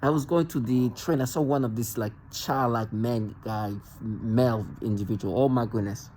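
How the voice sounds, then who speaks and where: A man's voice: medium pitch, lively intonation, darkish tone, rough recording. Man, agitated self-recorded rant, stumbling restarts, mid-range voice, faint background noise. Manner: agitated, halting, repeats and restarts words.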